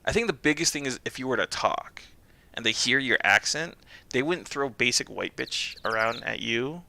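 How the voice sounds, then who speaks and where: A man's voice: medium pitch, moderate pace, gravelly, slight background noise. A young man streaming a game, chatting casually and joking, putting on voices. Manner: joking, animated, puts on voices. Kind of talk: casual let's-play chat.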